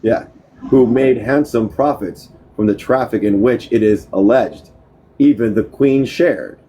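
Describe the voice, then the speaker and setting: A man's voice: mid-range voice, unhurried, dark tone, slightly rough, low-quality recording. A man reading a history book aloud, often stumbling over words, restarting them and correcting himself. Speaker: book reader.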